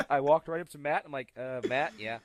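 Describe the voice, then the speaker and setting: A man telling stories in a casual podcast chat, animated and acting out the voices of the people in them. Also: a little high, measured pace. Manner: animated, acts out quoted voices. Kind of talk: casual storytelling.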